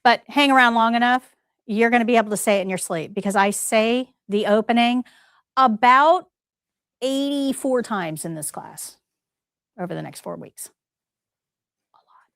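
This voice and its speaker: Woman instructor, emphatic, questions the class, slightly high voice, dry close sound. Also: moderate pace, creaky, pauses often, fairly bright tone, clear, resonant tone, dry recording. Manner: emphatic, talks straight to students with rhetorical questions. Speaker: CNA test prep instructor. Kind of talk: live class lecture.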